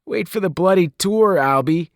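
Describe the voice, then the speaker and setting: A man's voice: sits high, huge pitch swings, a little slow, vocal fry, fairly bright tone, no room sound, clean studio sound, voice pushed up, full character voice. A man voicing a friendly teenage boy with an odd accent and cheery slang.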